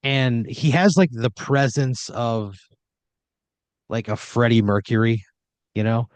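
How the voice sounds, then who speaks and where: A man's voice: medium pitch, fairly even intonation, slow, a little mellow, no room sound. A young man hosting a podcast, improvising a comedy story in a rambling, swearing, filler-heavy way.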